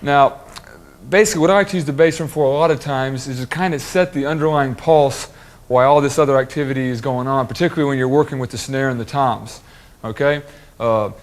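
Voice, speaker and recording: Relaxed male drum instructor explaining. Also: mid-range voice. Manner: relaxed, explanatory, with frequent fillers.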